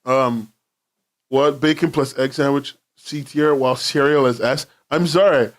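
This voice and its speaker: A man's voice: mid-range voice, steady tone, unhurried. A young man streaming from his home in London, rambling casually, laughing often and swearing freely.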